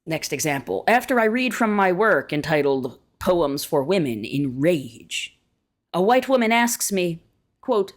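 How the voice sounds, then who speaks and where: A woman reads an essay aloud in a lower-pitched voice with a wide, expressive range. She keeps a measured, deliberate pace and slows down to stress key words. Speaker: reader of an essay.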